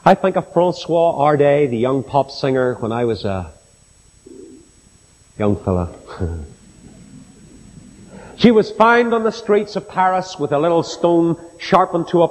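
Slow, earnest preacher in a hall. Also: male voice, a little high, very animated. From Ireland. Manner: slow, earnest storytelling building to solemn emphasis. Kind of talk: sermon. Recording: long reverb of a large hall.

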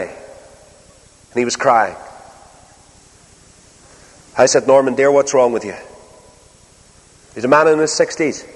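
A man with a Northern Irish accent preaching a sermon, telling a story with slow, stressed phrases and dramatic pauses. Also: on the high side. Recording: reverberant hall.

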